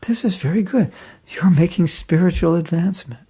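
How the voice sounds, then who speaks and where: A man voicing an elderly spiritual master who gently and cheerfully reassures a disciple. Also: high-pitched, moderate pace, husky, voice pushed up, heavily acted. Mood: approving. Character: elderly male spiritual master, calm and approving.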